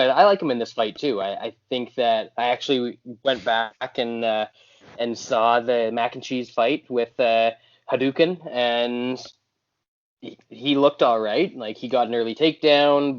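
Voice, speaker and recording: Man, medium voice, chatty co-host, lo-fi. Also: medium pitch. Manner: quick, self-deprecating, repeats words. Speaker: podcast co-host. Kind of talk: casual betting chat. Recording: dull lo-fi audio.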